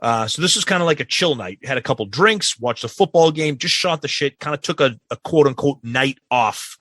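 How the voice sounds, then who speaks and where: Lively, bright-voiced man telling a story. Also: medium pitch, brisk, no echo. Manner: crude, animated storytelling. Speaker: podcast co-host. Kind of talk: casual chat.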